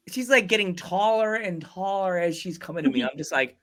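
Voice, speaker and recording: Podcast host, male, higher register, rambling anecdotal delivery with frequent restarts. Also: pushed and bright. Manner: rambling storyteller who acts out quoted voices; halting restarts mid-sentence. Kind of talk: casual podcast interview.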